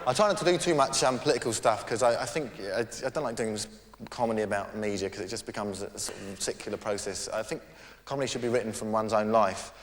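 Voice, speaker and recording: A man doing live stand-up on a theatre stage, rambling and self-deprecating with halting restarts. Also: fairly low pitch. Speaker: stand-up comedian. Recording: echoey theatre with crowd. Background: audience laughter.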